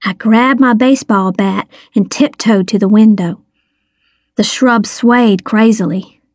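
A woman reading a first-person story aloud in an unhurried, expressive way, giving voices to the characters. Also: fairly high pitch, no echo, clean studio sound. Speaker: audiobook narrator. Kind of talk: first-person audiobook narration.

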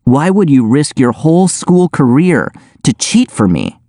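A man's voice: medium pitch, animated, a little slow, dark tone, no echo, studio quality, lightly acted. A man reading aloud, voicing an exasperated teenage schoolboy with an incredulous, scolding tone.

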